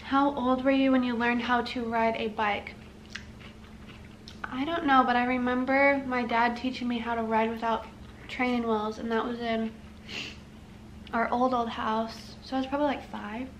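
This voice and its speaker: A woman's voice: on the high side, flat delivery, moderate pace, lo-fi sound, a little hiss or hum. A young woman vlogging, chatting casually and reading out questions to her husband. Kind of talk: casual chat.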